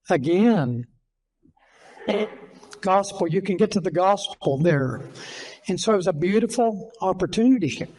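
An older man with a Texan accent tells stories in an earnest sermon style, and his voice sits fairly high. He is folksy and acts out the dialogue as he tells it. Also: darkish tone, rough recording. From Texas. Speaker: pastor.

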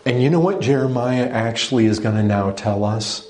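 A man's voice: mid-range voice, lively intonation, normal speed, a little mellow. A man preaching a sermon, speaking with emphasis and putting direct questions to his listeners. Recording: echoey room.

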